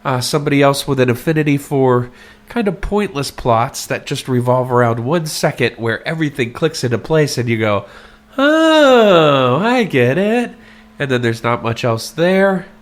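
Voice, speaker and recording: A man's voice: medium pitch, a little fast. Easygoing man explaining a plot. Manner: easygoing, explanatory, dry jokes. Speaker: podcast co-host. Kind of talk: casual book discussion.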